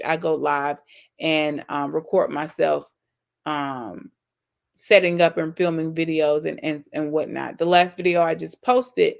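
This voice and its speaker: Creaky-voiced woman hosting a live Q&A. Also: deep voice. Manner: earnest, affectionate, faith-filled talk to viewers; reads out viewer comments and answers them. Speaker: YouTube channel host. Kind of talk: casual live-stream Q&A.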